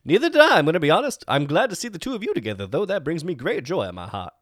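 A man's voice: on the high side, big pitch swings, racing, a bit bright, dry recording, clean studio sound. A man playing a tabletop game in character, earnest and chatty. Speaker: player.

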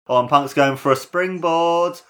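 A man giving casual, excitable play-by-play commentary on a wrestling match, his voice jumping up at big moves and swearing now and then. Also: fairly high pitch, unhurried.

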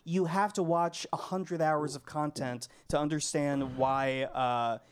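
A man's voice: a little high, fairly even intonation, smooth. A man co-hosting a podcast in casual chat, opinionated and emphatic. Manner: opinionated, emphatic, slowing down to make points. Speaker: podcast co-host.

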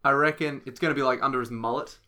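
Excitable swearing Australian man. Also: medium pitch, fast talker. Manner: excitable, swears a lot, jokey put-on voices. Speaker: podcast co-host. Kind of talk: casual chat.

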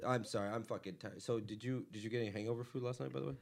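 A man's voice: mid-range voice, steady tone, very fast, vocal fry. A man from the San Fernando Valley in Los Angeles, a comedian hosting a podcast, telling rambling, profane stories in casual chat and slipping into mock voices.

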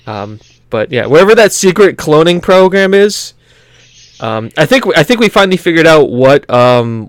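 A man co-hosting a gaming podcast in casual chat, rambling with lots of fillers and quick to laugh. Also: medium pitch, clean tone, no room sound, clean studio sound. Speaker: podcast co-host.

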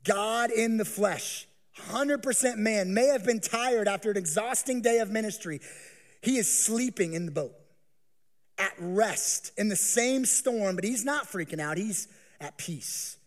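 A male pastor preaching a sermon, swinging from hushed, slow lines to loud, pleading acted voices. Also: sits high, lively intonation.

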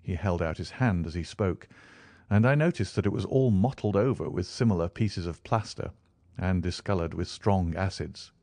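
Lower-voiced man reading a story. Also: normal speed, warm tone, dry recording. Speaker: audiobook narrator. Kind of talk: scripted narration.

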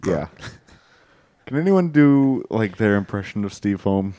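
A man's voice: fairly low pitch, sing-song, measured pace, mellow, dry recording. A young man co-hosting a comedy podcast, dryly steering the conversation in casual banter. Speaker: podcast co-host.

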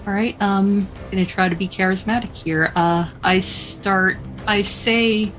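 A woman playing a tabletop role-playing game, talking in a brisk and direct way. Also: mid-range voice, steady tone, fairly bright tone, low-quality recording. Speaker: player.

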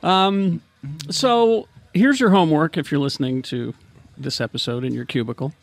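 A man hosting a podcast in casual chat, laid-back and quick to laugh. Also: a little high. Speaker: podcast host.

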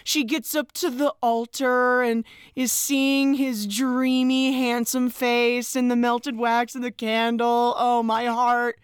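High-pitched woman recapping a film. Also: level tone, slow pace, hardly any pauses, clear, resonant tone, no echo, studio quality. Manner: storytelling, teasing, laughs often. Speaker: podcast co-host. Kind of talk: casual chat, movie recap.

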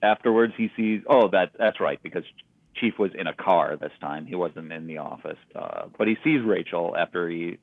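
A man with a very deep voice walks through a film's plot in a relaxed, chatty podcast manner. His audio is narrow and phone-like. The sound is dry and close. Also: moderate pace, no room sound. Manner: relaxed, storytelling, recapping plot. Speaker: podcast co-host. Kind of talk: casual movie recap chat.

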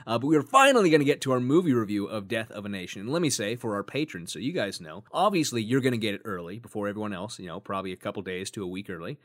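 A man's voice: on the low side, animated, very fast, few pauses. A man co-hosting a podcast in a casual, joking chat, thinking aloud with fillers as he goes. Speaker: podcast co-host.

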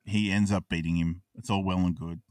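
A man hosting a casual podcast chat, recapping a cartoon episode and acting out the characters' lines in quick asides. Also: low voice, fairly even intonation, a little mellow, dry recording, clean studio sound, distant mic. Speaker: podcast co-host.

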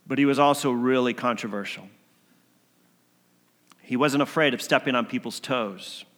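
A man telling a story as a sermon, swinging between emphatic lines and hushed ones. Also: mid-range voice, moderate pace. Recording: long hall reverb.

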